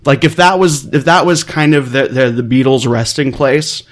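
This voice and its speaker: A man co-hosting a casual podcast chat, talking in halting bursts with many restarts and casual swearing. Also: medium pitch, steady tone. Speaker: podcast co-host.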